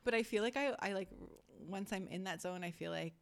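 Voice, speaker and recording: A woman in her thirties, a podcast co-host, chatting casually with lots of fillers and lively storytelling. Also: medium pitch, brisk, vocal fry. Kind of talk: casual chat.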